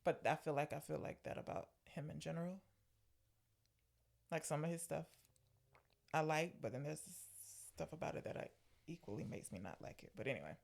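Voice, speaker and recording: A woman co-hosting a movie podcast in easy, casual chat. Her voice has a gravelly edge. She pokes at her partner with wry, pointed questions. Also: low voice, animated, moderate pace, pauses often, a little mellow. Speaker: podcast co-host.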